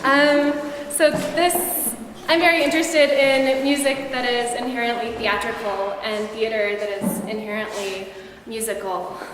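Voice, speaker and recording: Woman, high voice, unhurried, hesitant stage chatter; live hall, heavy reverb. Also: steady tone, a little hiss or hum. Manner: hesitant, many fillers and restarts, self-conscious. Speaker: musician performing live. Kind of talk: casual stage banter. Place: live concert venue with audience. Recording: echoey hall, room mic, from a distance.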